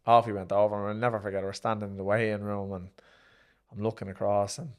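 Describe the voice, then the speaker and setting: A man's voice: on the low side, level tone, quick pace. An Irish man, a former pro boxer, telling stories in a casual interview, re-enacting his own exchanges and swearing freely.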